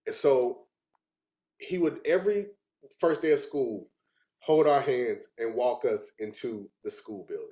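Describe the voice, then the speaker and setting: Earnest guy presenting to a group, voice catches with emotion, plain middle pitch. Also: lively intonation, unhurried, mellow.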